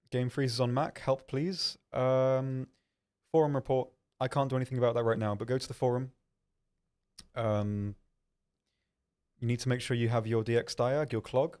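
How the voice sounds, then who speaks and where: A man's voice: on the low side, darkish tone. A young man hosting a live stream, casually reading viewer questions aloud and answering them with frequent ums and self-deprecating asides. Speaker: stream host answering chat.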